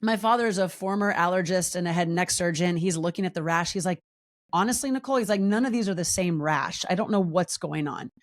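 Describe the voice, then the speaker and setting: Animated storytelling woman, lowish voice. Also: fast talker, hardly any pauses. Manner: animated, acts out quoted voices with big pitch jumps. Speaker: podcast guest, wellness coach. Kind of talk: candid storytelling interview.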